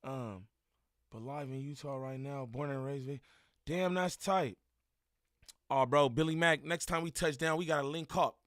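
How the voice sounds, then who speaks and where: A man livestreaming, reacting to a video and shouting out his chat in loose, slangy street talk with frequent laughs. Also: medium pitch, normal speed, no echo, studio quality. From Inland Empire, Southern California. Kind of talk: live-stream reaction and chat shout-outs.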